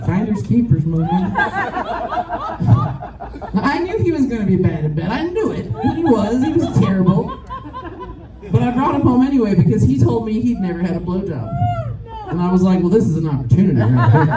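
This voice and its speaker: A woman's voice: medium pitch, animated, moderate pace, pauses often. Brash middle-aged woman doing stand-up. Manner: brash and profane, crowd work. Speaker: stand-up comedian. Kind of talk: stand-up comedy set. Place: rooftop bar show with a live audience. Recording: echoey, distant mic, crowd noise.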